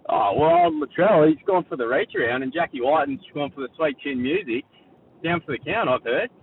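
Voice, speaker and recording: A man's voice: fairly high pitch, lively intonation, brisk, recorded from a distance, lightly acted. A man voicing a rambling, blokey wrestling-fan caller with an Australian accent, heard over a phone line. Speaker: caller character on radio show. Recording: tinny phone line with faint noise.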